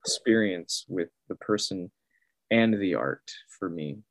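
A man chatting casually as a guest, animated and laughing often, acting out other people's reactions. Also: sits low, a little slow, no room sound. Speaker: guest artist. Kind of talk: casual storytelling.

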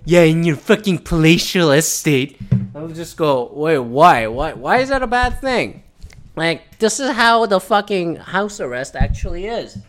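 A man's voice: fairly high pitch, lively intonation, unhurried, slight background noise. A man hosting his own show alone from home, talking in a loose, rambling and heavily profane way. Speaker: podcast host. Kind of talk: casual solo monologue. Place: at home indoors.

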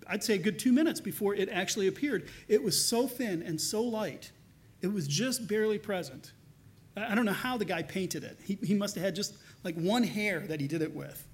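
A man preaching a sermon, earnest, swinging between loud emphasis and soft, hushed lines. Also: high voice. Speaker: pastor.

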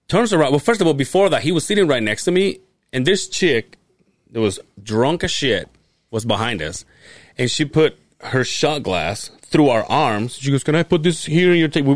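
Animated man telling a bar story. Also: medium pitch, normal speed, no echo, clean studio sound. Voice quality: animated, swears freely, laughs while telling. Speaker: podcast co-host. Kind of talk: casual storytelling chat.

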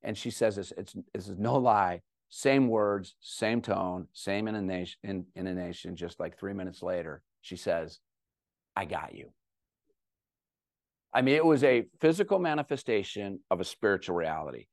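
A middle-aged man giving a talk to an audience, telling a personal story with animated, self-deprecating humor. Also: sits low, normal speed, few pauses, no echo, clean studio sound. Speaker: guest speaker.

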